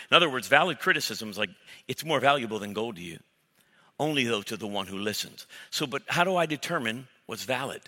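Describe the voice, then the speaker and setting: Bright-voiced male pastor in a big hall. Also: mid-range voice, lively intonation, a little fast. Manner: emphatic, blunt preaching with sudden loud mock-dialogue bursts. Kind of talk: sermon. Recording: reverberant hall.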